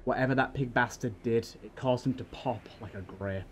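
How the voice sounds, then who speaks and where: A man voicing a steady, fatherly older male soldier who reassures a younger comrade, in a read-aloud game story. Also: mid-range voice, normal speed, a little hiss or hum, lightly acted. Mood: reassuring.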